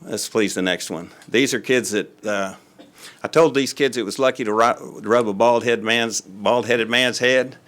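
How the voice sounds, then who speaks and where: A man's voice: mid-range voice, steady tone, a little slow, fairly bright tone. An older man, a school superintendent giving a folksy, rambling presentation to a city board, with many fillers. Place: city council meeting room.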